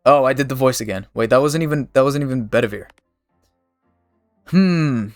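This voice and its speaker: A man's voice: mid-range voice, normal speed, dry recording, faint music behind. Self-mocking man stumbling through game text. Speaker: channel host reading a game's story. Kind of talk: casual reading of game dialogue.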